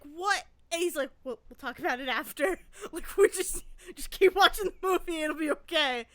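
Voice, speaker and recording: A high, bright woman's voice co-hosting a casual podcast chat. She rambles through a story with restarts and frequent swearing. The sound is close and dry. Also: no room sound. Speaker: podcast co-host.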